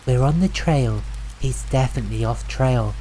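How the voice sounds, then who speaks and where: A man's voice: medium pitch, normal speed, warm tone, slight background noise, lightly acted, poor audio. A man voicing a young woman hiker who navigates her group, terse and commanding. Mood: urgent.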